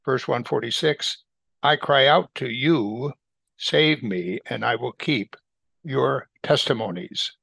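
Gravelly man teaching verse by verse. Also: mid-range voice, a bit bright, no room sound. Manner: slow, deliberate reading that repeats phrases for emphasis. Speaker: Bible teacher.

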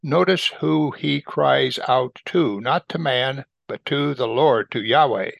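A man slowly reading and explaining Bible verses, repeating phrases for emphasis in a deliberate teaching style. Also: medium pitch, creaky, no echo, lo-fi sound.

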